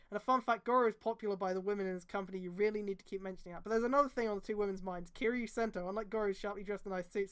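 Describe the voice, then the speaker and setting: A woman's voice: mid-range voice, clean tone. A woman on a stream reading a bad fanfic aloud and breaking off into sarcastic, profane commentary.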